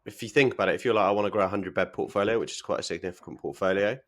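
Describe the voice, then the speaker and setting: A man with a low voice co-hosts a property podcast from the UK. He lays out population numbers and portfolio targets in a matter-of-fact way. His tone stays casual and practical. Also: racing, a bit bright. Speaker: podcast co-host, property developer. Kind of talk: casual chat.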